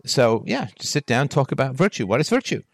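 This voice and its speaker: A man delivers a solo philosophy monologue, firing off one rhetorical question after another. His voice rises and falls across a wide, lively range. The sound is close and dry, with no room around it. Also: medium pitch, brisk, breathy edge, no echo. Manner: rhetorical questions, emphatic and animated. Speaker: philosophy talk host.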